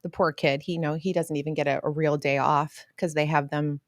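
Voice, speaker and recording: A middle-aged woman with a slightly raspy, somewhat low voice, co-hosting a talk podcast. She chats in a friendly way and laughs easily. The sound is dry and close. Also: fairly even intonation, fairly quick, dry recording. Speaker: podcast co-host. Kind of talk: casual chat.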